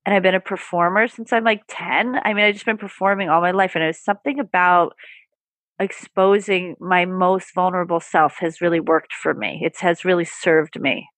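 A woman's voice: fairly low pitch, fairly even intonation, normal speed, a bit bright, no room sound. A woman guest on a podcast, a therapist and performer, talking candidly and with animation, often laughing. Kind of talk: casual interview chat.

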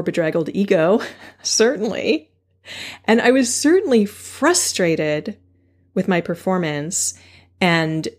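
Woman podcast host, candid reflective solo talk, slow delivery with a lively pitch. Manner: candid, thoughtful, often pausing and restarting; laughs at herself now and then.

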